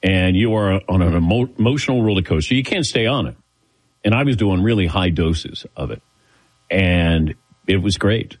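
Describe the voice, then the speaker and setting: A man's voice: low-pitched, animated, moderate pace, low-quality recording. A man hosting a show, telling a long rambling story in a casual way and acting out the voices of people he quotes. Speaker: show host.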